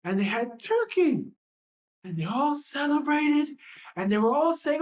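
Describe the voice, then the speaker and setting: A woman with a high, animated, darkish-toned voice speaks a little slowly while hosting a livestream. Her rant is heated and full of profanity, with rhetorical questions fired off again and again.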